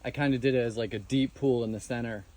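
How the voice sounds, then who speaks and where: A man giving a farm tour, explaining in a relaxed, rambling way full of fillers, recorded outdoors among animals. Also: medium pitch, fast talker, a little hiss or hum. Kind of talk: casual explanatory chat.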